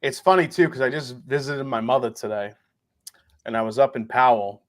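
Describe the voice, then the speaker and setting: A man's voice: medium pitch, fairly quick. A man who is a guest on a live whiskey tasting, chatting in a rambling, joking way and swearing casually. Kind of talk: casual chat, live stream.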